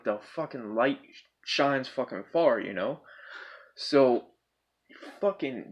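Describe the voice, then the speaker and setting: A man's voice: medium pitch, fairly bright tone. A young man with an ordinary mid-range voice tells a story from his own life in a loose, rambling way. He swears freely and keeps checking in with little asides like "right?" and "bro." The tone is casual storytime. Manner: profane, rambling, checks in with 'right?' and 'bro'.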